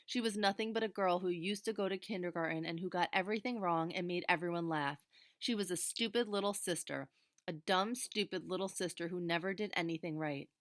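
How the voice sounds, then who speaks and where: A woman with a fairly low voice reads a children's storybook aloud, steady and expressive. The sound is close and dry, with no room around it. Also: fairly quick, no echo. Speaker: teacher reading aloud.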